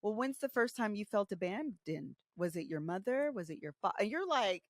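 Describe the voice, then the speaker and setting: A woman in her thirties, co-hosting a podcast and telling candid stories about her own marriage, animated and casual, acting out the voices she quotes. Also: medium pitch, normal speed, dry recording, studio quality. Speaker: podcast co-host. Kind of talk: candid conversational storytelling.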